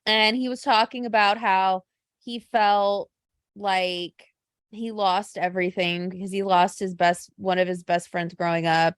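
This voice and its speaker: A woman co-hosting a casual podcast, gushing and animated as she tells stories. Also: lowish voice, clean tone, no room sound, studio quality. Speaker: podcast co-host. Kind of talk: casual chat.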